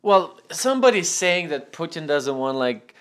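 Animated man, casual chat. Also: fairly high pitch, normal speed, clear, resonant tone. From Ukraine. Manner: animated, swearing, lots of "like" fillers.

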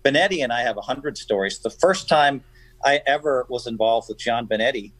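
A man guesting on a radio show, telling stories in an animated, emphatic way. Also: mid-range voice, fairly quick, dry recording, low-quality recording. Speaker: guest poker player. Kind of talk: casual radio chat, storytelling.

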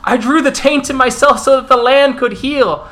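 A man's voice: very high-pitched, normal speed, sharp tone, pitched above the performer's own voice. A man voicing a desperate bear shapeshifter. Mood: pleading. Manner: pleading, desperate. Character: accused male bear shapeshifter, pleading.

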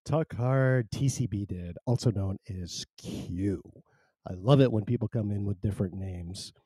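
A man's voice: fairly low pitch, a little slow, mellow, breathy edge, no room sound, studio quality. A man hosting a casual live talk show, rambling and joking at his own expense as he greets listeners. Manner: rambling, jokey, self-mocking. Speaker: host.

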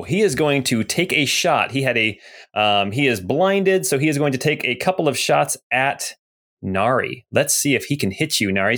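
A man's voice: medium pitch, fairly bright tone. A man running a tabletop game as game master, narrating in an easygoing way with lots of fillers.

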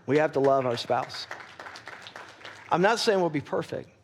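A man preaching a sermon as pastor, earnest and candid, often checking in with his listeners and growing soft and quiet when he gets personal. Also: a little high, expressive, normal speed, some chatter behind, slight background noise. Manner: earnest, candid, asks the congregation for agreement.

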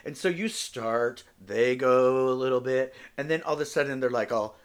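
A man's voice: mid-range voice, normal speed, hardly any pauses, fairly bright tone, smooth. A man hosting a solo podcast, speaking English as a second language, talking bluntly and with plenty of profanity in a joking way. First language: not English. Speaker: podcast host.

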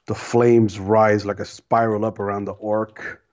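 A man playing a tabletop game, calmly describing his character's actions and rolls. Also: fairly low pitch, measured pace, muffled recording. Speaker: player. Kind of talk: casual tabletop play.

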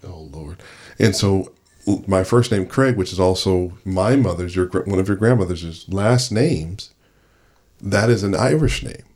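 Low-voiced man telling a story. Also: a little slow, breathy edge. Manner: animated storyteller, acts out quoted voices. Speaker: host. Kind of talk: family conversation, storytelling.

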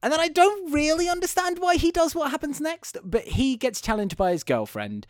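A man co-hosting a casual chat, recapping a film with swearing and quick asides. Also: no echo, clean studio sound. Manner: animated, swears freely, jumps to high mock voices for quotes. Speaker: podcast co-host.

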